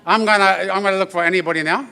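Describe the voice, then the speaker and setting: Performing for a crowd at an event venue, a didgeridoo player spins stories in a rapid-fire, high-pitched, gravelly voice that still sounds bright. He keeps it lively and jokey, checking in with the audience through "yeah?" tags.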